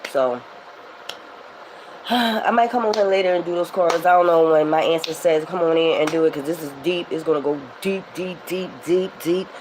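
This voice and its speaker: A woman's voice: deep voice, moderate pace. Philly woman doing a spiritual vlog rant, swears a lot, rambles, bit of faint noise behind. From Philadelphia. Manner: emphatic, rambling, swears freely. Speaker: tarot reader.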